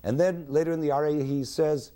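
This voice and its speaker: A man giving a university music lecture in a hall, expressive and singing examples at the piano. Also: a little high, brisk.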